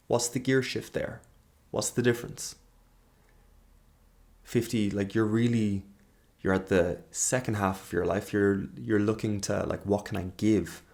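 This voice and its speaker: A man's voice: lowish voice, a little mellow. A man in his thirties giving a reflective monologue as host, earnest and searching, often trailing off and restarting. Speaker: podcast host.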